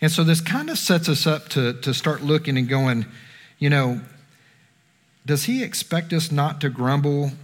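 A man preaching a conversational sermon, asking the congregation questions. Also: mid-range voice. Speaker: pastor. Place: church sanctuary. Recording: long reverb of a hall.

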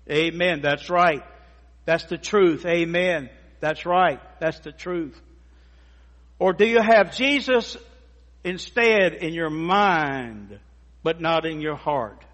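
Pastor preaching in a reverberant church. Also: male voice, sits high, a bit bright. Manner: emphatic, stretches key words for emphasis. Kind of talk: sermon. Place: church sanctuary.

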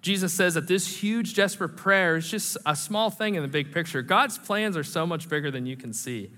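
A man preaching a sermon in a church, animated and conversational, with self-deprecating humor. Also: a little high, moderate pace. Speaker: pastor. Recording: reverberant hall.

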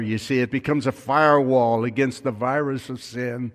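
A man's voice: medium pitch, steady tone, normal speed, hardly any pauses, in a large hall. A male pastor telling a story in a sermon, his voice rising and falling with emphasis.

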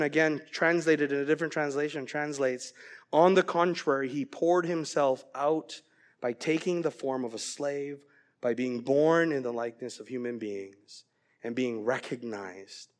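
Earnest man preaching a sermon. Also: medium pitch. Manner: earnest, building to loud animated storytelling. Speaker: pastor.

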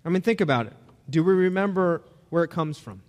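A man's voice: fairly high pitch, animated, brisk, a little mellow, in a large hall. A man preaching a sermon to a congregation, talking in a conversational way and asking them questions. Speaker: pastor.

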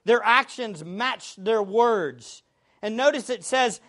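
A man preaching a sermon, with expressive delivery, sometimes shouting the quoted words. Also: very high-pitched, slow pace. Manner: expressive preaching, shouting acted quotes, laughing between points.

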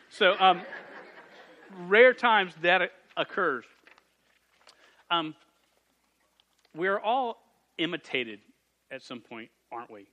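A man in his thirties delivers a sermon to teens and their parents. His voice sits a little high and has a bright, forceful edge. He tells stories about himself in a playful, self-deprecating way. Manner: jokey, self-deprecating storytelling with lively asides. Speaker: youth pastor. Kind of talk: sermon to a youth group and parents. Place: church youth room.

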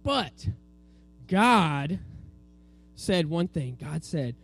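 Man, children's Bible teacher, high voice, very lively pitch, animated storytelling. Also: very slow, breathy edge. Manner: animated storytelling, calls on kids to repeat words. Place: room with a group of children.

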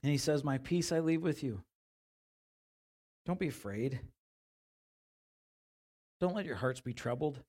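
A man preaching a sermon in a conversational way, growing animated when he retells the passage in everyday words. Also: a little high, unhurried, long pauses, breathy edge. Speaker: pastor.

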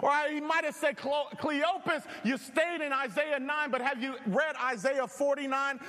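A man preaching a sermon with lively, animated delivery and bursts of shouting. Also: very high-pitched, normal speed, long reverb tail. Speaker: pastor.

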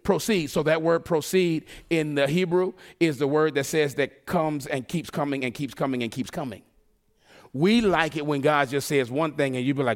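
A man preaching a sermon in a conversational, joking way, slipping into quick acted asides. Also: fairly high pitch.

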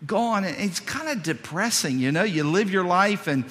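A male pastor preaching a sermon, telling a story with many repeated words, swinging from loud to hushed. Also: high voice, expressive, normal speed. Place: church sanctuary. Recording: long reverb of a church hall.

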